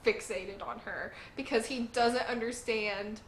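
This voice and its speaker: A woman's voice: on the high side, a little slow, a little hiss or hum. Giggly woman gushing in a roomy echo. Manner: giggly, enthusiastic, says "like" a lot. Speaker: anime and manga reviewer. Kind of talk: casual review chat.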